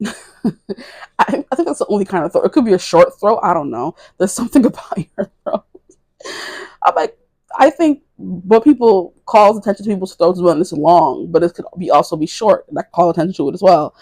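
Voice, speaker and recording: A woman's voice: fairly low pitch, animated, a little fast, darkish tone, dry recording. A woman in her twenties giving a casual tarot reading to camera, rambling, correcting herself and giggling. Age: 20s. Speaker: tarot reader.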